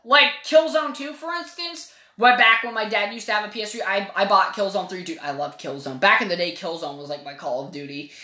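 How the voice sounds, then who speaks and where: A woman's voice: medium pitch, bright, forceful tone. A woman giving a casual, opinionated spoken game review, rambling and swearing freely. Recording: echoey room.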